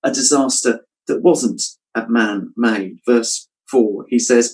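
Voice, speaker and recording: A man preaching a sermon, thoughtful and measured, dropping his voice quietly when quoting scripture. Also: mid-range voice, low-quality recording. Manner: reflective, drops to a hush on quoted scripture.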